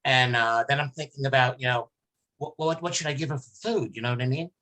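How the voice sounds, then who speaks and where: A man's voice: mid-range voice, fast talker, pushed and bright. Man telling a sad story, rambling. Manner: emotional, rambling storyteller with many restarts. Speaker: podcast host. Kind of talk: casual chat, telling a personal story.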